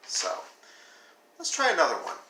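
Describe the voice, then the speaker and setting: Brief: male teacher, bright gravelly tone, lively demos, roomy distant sound with faint hiss. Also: on the high side, normal speed. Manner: animated, demonstrates flat versus expressive reading. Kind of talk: classroom video lesson.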